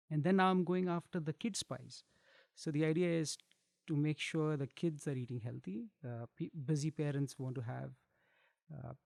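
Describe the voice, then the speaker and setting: A man's voice: on the high side, gravelly, darkish tone, no room sound. A middle-aged man, a chef and guest, chatting casually and chuckling, often restarting his phrases. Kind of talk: casual chat.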